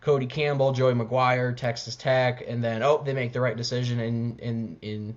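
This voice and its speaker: Halting podcast guy on a dull mic. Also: medium pitch, steady tone. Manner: halting, repeats words, restarts often. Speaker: podcast co-host. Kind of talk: casual sports podcast chat.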